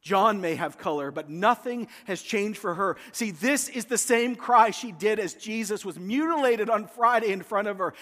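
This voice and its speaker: A man's voice: high voice, animated, normal speed, hardly any pauses, bright, forceful tone, long reverb tail. A man preaching a sermon, retelling a scripture story dramatically and acting out the voices of its figures. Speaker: pastor.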